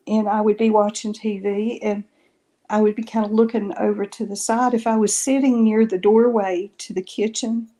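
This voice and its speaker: A guest in a relaxed interview, this middle-aged woman has a somewhat high voice with a dark tone. She wanders through a lengthy story of paranormal encounters, frequently stopping to correct herself.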